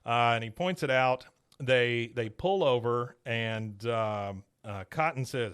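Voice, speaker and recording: A man hosting a podcast, recapping a cartoon episode in a casual, animated way and chuckling often. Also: mid-range voice, takes it slowly, clean tone. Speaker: podcast host.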